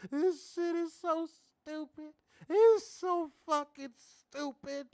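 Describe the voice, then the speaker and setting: A man co-hosting a casual review podcast, loud and profane, laughing often and swooping high when amused. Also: very slow, no room sound, clean studio sound. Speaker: podcast co-host.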